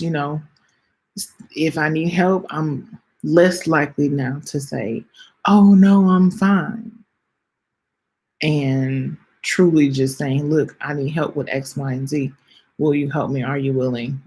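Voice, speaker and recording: A woman in her late twenties hosting a podcast, speaking in a heartfelt, halting way, close to tears, often repeating her phrases and talking straight to her listeners. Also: sits low, a little mellow, slightly rough. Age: late 20s. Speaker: podcast host. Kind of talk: heartfelt personal reflection.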